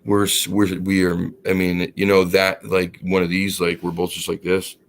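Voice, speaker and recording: A man co-hosting a casual chat, telling an animated, profane story and acting out the quotes. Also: deep voice, normal speed, gravelly. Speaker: co-host.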